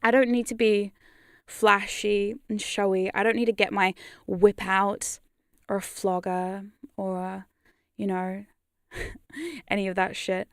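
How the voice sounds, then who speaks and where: A British woman whose accent is drifting toward New Zealand chats casually with her stream. She rambles, mocks herself and laughs often, at a mid pitch. She is recorded dry and close on a condenser mic. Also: flat delivery, takes it slowly, long pauses, clean tone, no room sound. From United Kingdom. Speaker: hypnosis content creator. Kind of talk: casual livestream chat. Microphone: studio condenser mic.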